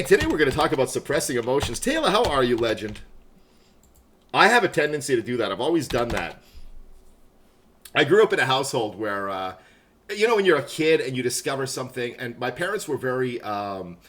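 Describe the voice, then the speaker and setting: A man's voice: mid-range voice, fairly bright tone, slight background noise. Chatty self-mocking man streamer. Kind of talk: casual live-stream chat.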